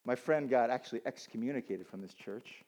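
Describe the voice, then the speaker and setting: A man preaching a sermon, animated and joking, often repeating words as he stumbles. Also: mid-range voice, brisk, poor audio. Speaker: pastor.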